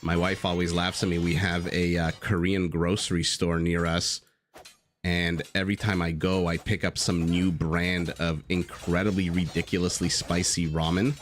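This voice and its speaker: A man's voice: deep voice, little pitch movement, moderate pace. A man casting a strategy game live, chatting casually with viewers and telling stories as he goes. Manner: chatty, easygoing, swears casually, tells stories.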